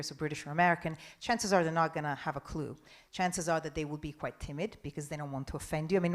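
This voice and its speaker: Frank middle-aged woman from Denmark. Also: on the low side. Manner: frank, chatty, emphatic. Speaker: panel speaker. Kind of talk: festival panel answering audience questions.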